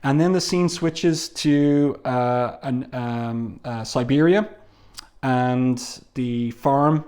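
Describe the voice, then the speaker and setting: A man talks through a comic book review in a casual, chatty way. He makes frequent asides and uses plenty of fillers. His voice sits in an ordinary middle pitch. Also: very slow, darkish tone. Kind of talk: casual review with read-aloud quotes.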